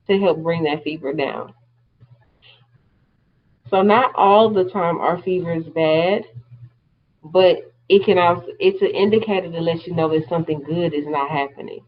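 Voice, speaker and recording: A woman's voice: on the low side, muffled recording. A woman teaching a class, explaining terms step by step in a plain-spoken way. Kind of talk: classroom lecture.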